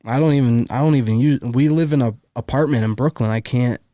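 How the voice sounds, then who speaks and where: A man's voice: mid-range voice, a little fast, warm tone, no room sound. Joking male guest, slight New York accent. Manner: joking, laughs easily. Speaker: podcast guest. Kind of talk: casual chat.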